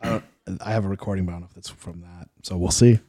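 A man co-hosting a casual podcast, dropping slow deadpan jokes. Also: low-pitched, husky, dry recording. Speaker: podcast co-host.

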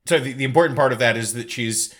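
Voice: medium pitch, quick pace, fairly bright tone. A podcast co-host casually chatting about a story, stumbling over restarts and adding wry asides.

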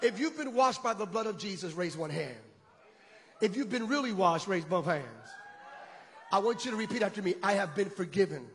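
High-voiced preacher in an echoing hall. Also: male voice, expressive, moderate pace, a little hiss or hum. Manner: impassioned, shouting climaxes, call-and-response with congregation. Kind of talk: sermon. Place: church sanctuary. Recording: long reverb of a large hall.

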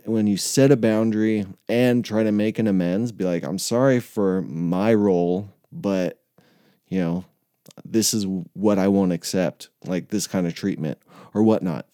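A man's voice: on the low side, warm tone, no echo, clean studio sound. A young man in recovery ranting casually, swearing a lot and laughing often as he rambles. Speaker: person in addiction recovery.

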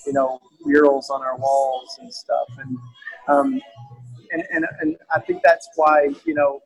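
A man from East Tennessee, a guest in an interview, talking earnestly and haltingly with many restarts. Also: medium pitch, sing-song, vocal fry, breathy edge, faint music behind, rough recording. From East Tennessee, USA. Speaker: guest author. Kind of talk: casual conversational interview.

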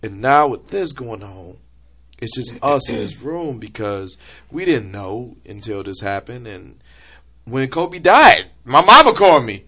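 A man in his thirties hosting a casual talk show, telling an emotional story with swearing and lively delivery. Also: lowish voice, moderate pace. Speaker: podcast host. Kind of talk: casual chat.

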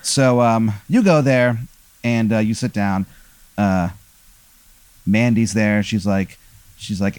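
A man's voice: fairly low pitch, takes it slowly, pauses often, darkish tone, clear, resonant tone, no room sound. A man casually telling an improvised story, rambling with fillers and restarts and jumping into voices for the characters. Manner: rambling, many fillers and restarts, acts out quoted lines. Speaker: host telling a made-up scenario.

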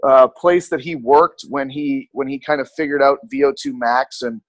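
Relaxed young man, dry close sound. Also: mid-range voice, normal speed, no echo. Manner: relaxed, lots of "like" and "you know" fillers. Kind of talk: casual interview chat.

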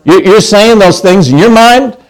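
A man's voice: high voice, expressive, moderate pace, rough recording. Chatty male pastor asking the pews. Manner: chatty, asks the congregation questions, many restarts. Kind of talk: conversational sermon.

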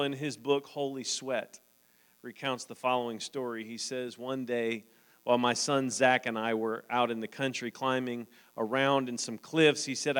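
A man's voice: mid-range voice, a bit bright, clear, resonant tone. A man preaching a sermon as pastor, reading scripture aloud and then talking earnestly to the congregation, often asking "Amen?". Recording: long hall reverb.

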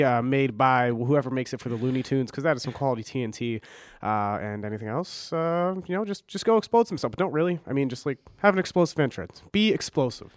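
A man's voice: medium pitch, a little fast, no echo, clean studio sound. A young man with a stuffy cold, co-hosting a casual college radio show, rambling and correcting himself with jokes. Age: young adult. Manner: rambling, self-correcting, jokey. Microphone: studio mic.

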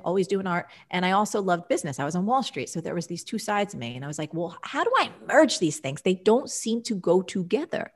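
A woman in her forties, slightly low-pitched, sharing a personal story as a guest on an interview show. She tells it with animation, voicing her own old thoughts as quotes along the way.

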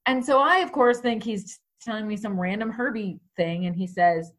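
A woman's voice: mid-range voice, moderate pace, a bit bright. A woman in her forties, a podcast guest, telling a personal story in a conversational way with many fillers.

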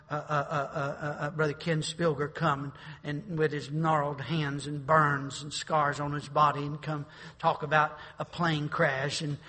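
A middle-aged man preaches a sermon. His voice is bright and somewhat husky, and it rises into sudden shouted peaks. A long church reverb trails after each phrase. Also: a little high. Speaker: pastor. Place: church sanctuary.

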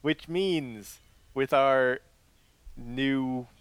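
A man's voice: mid-range voice, drawn-out words, clear, resonant tone, dry recording. A man co-hosting a casual movie podcast, easygoing and thinking aloud. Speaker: podcast co-host.

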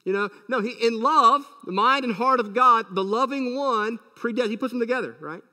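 A man's voice: extremely high pitch, brisk, bright, forceful tone, in a large hall. A man preaching a sermon as a pastor, emphatic and full of rhetorical questions.

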